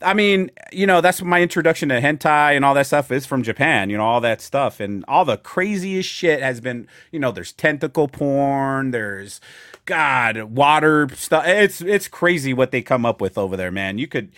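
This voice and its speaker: A man co-hosts a casual podcast chat, joking, rambling and laughing often. His mid-range, fairly bright voice is animated at a moderate pace, in clean studio sound with no room sound.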